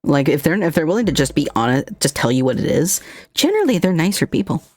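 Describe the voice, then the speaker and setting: A streamer talks casually and with eager enthusiasm, dropping curses freely. The voice sits at a middling pitch. The sound is close and dry, with no room sound. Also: sing-song, darkish tone, no room sound. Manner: enthusiastic, swears, drawn-out delivery. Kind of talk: casual chat.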